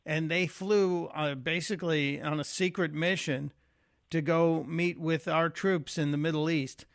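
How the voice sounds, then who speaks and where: A man's voice: on the high side, fairly even intonation, unhurried, dry recording, clean studio sound. Folksy man hosting talk radio. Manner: conversational, folksy, with fillers. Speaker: radio talk show guest host. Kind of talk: talk radio monologue and call-in.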